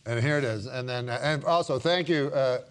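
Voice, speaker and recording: A man hosting a talk show, chatting casually, reading jokes off cards, halting and laughing a lot. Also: medium pitch, clear, resonant tone.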